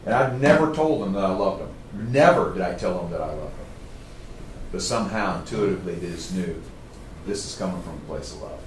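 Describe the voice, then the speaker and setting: A middle-aged man telling stories to a live audience as a trainer, in a casual, animated way. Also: deep voice, a little fast, a little hiss or hum. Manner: casual, animated storytelling, says "man" often. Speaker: trainer speaking to a group. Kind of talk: storytelling talk to a live audience. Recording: roomy, distant mic.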